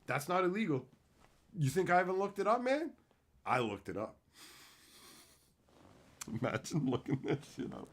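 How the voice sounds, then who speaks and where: A man chatting casually with his livestream viewers, crude and joking, swearing freely as he tells animated bits. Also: sits high, normal speed, pauses often. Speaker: streamer answering chat.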